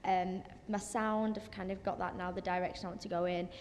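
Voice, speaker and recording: A woman's voice: lowish voice, level tone, fairly quick, darkish tone, a little hiss or hum. A young woman, a singer talking casually in an interview, chatty with many fillers and restarts. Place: office space. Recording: long reverb in an office space.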